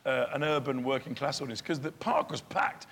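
A man's voice: medium pitch, normal speed, a bit bright. A man in his fifties, a guest chatting on stage, laughing often and acting out voices in his stories. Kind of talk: casual chat on stage. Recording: long hall reverb, faint room noise.

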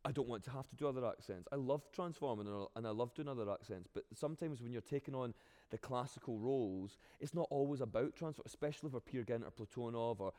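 A man with a Glaswegian accent, an actor answering interview questions in an animated way, often restarting his sentences. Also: mid-range voice, fast talker, long reverb tail.

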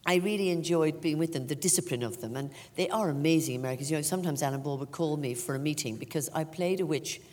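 A woman's voice: low voice, quick pace, hardly any pauses. An older Irish woman, an actress, telling self-mocking stories with lots of laughter in a stage interview. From Ireland. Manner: animated, self-mocking storyteller with frequent laughter. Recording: long hall reverb.

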